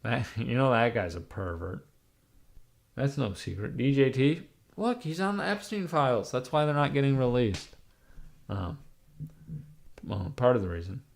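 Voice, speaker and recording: A young man with a raspy, hoarse voice from being sick, rambling irreverently on a live stream with lots of fillers. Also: mid-range voice, animated, unhurried, pauses often. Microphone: webcam mic.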